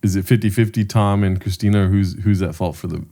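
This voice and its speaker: A man's voice: deep voice, fairly even intonation, fast talker, warm tone. A man co-hosting a casual comedy podcast, asking teasing questions in a dry way. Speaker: podcast co-host.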